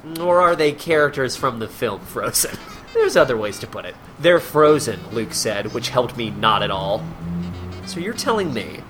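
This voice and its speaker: A man's voice: mid-range voice, big pitch swings, normal speed, music in the background. A man hosting a comedy podcast, reading a column aloud in a mocking way and laughing often.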